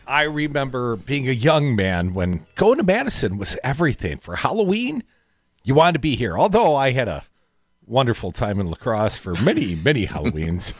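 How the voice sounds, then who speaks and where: A man's voice: mid-range voice, big pitch swings, moderate pace, dry recording, studio quality. A middle-aged man hosting a radio talk show, bantering and teasing his co-host with frequent laughs. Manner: joking, teasing, laughs often. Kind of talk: casual on-air banter.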